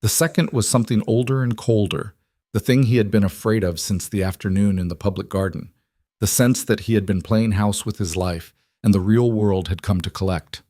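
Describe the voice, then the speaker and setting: A man narrating a scripted story in a steady, unhurried way. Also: lowish voice, no room sound, studio quality.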